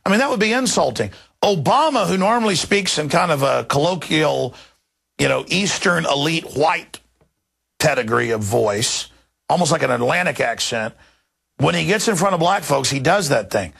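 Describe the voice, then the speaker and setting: A man's voice: a little high, lively intonation, fairly quick, vocal fry, a bit bright, breathy edge. A man in his thirties hosting a news commentary show, ranting indignantly and mocking what he reports. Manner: indignant, mocking, shifts into exaggerated impressions. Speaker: talk radio host.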